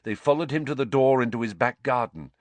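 A man narrating a story in an expressive storytelling manner. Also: medium pitch, a little fast, no room sound. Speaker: audiobook narrator. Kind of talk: scripted narration.

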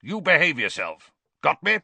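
A man reading aloud and voicing a loud, snarling, bullying middle-aged uncle. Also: fairly high pitch, sing-song, normal speed, creaky, husky, no room sound, voice pushed up, heavily acted. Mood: blustering.

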